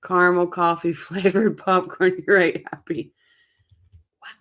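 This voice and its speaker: A woman's voice: fairly low pitch, level tone, unhurried. A woman hosting a casual true crime stream, chatty and opinionated, talking to her chat on little sleep. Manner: chatty, opinionated, rambling with restarts. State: short on sleep. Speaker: true crime channel host. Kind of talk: casual live-stream chat reacting to chat comments.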